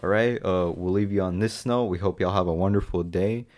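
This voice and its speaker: Young male podcast co-host with a lowish voice and a loose, swearing storytelling manner. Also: fairly quick. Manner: storytelling, swearing, animated quoting. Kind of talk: casual chat.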